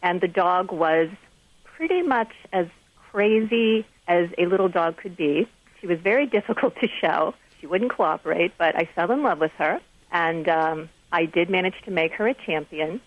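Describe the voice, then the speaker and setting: A woman, a guest author who shows dogs, talking in an unhurried, friendly way on a phone interview. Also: fairly low pitch, no echo. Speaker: guest author and dog show exhibitor. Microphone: telephone. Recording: dull phone-line audio.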